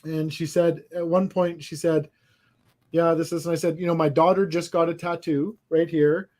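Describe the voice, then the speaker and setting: A man with a somewhat raised pitch hosts a loose, casual chat among friends. He tells his story in a rambling, animated way, often stopping to restart a sentence. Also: moderate pace. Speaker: podcast host.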